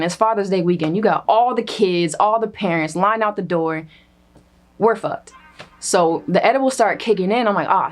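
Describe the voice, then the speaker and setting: A young woman telling a comedic personal story in a casual, animated way, cursing freely and acting out what others said. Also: lowish voice. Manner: animated, profane, acts out quoted voices. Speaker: storyteller guest.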